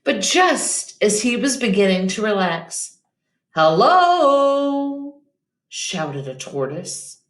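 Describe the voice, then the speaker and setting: A woman teacher reading a children's picture book aloud, slow and expressive, in an echoey room. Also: mid-range voice.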